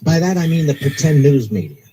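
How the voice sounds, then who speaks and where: A man on live talk radio, his voice sitting a little high as he rants. He reads out police scanner calls in an excitable manner, jabbing at the people he blames. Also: brisk, a little hiss or hum, rough recording. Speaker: radio talk show host.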